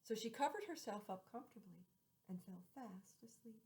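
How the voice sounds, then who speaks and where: A woman's voice: on the high side, animated, low-quality recording. A woman reading a fairy tale aloud, drawing out repeated phrases and dropping some words to a whisper. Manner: drawn-out repetitions with hushed, whispered words. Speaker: storyteller.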